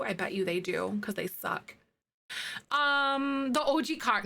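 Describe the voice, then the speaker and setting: A woman's voice: on the high side, expressive, a little slow, bright, forceful tone. A young woman streaming a life-sim game, chatting casually with viewers, bubbly and full of "like"s. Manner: bubbly, chatty, many "like"s, answers chat. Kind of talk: casual chat while playing.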